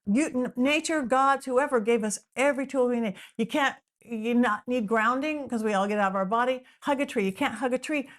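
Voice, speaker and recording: A middle-aged woman from Southern California, a psychic medium guest on a podcast, explaining in an animated casual way with frequent restarts. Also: fairly high pitch, brisk, hardly any pauses.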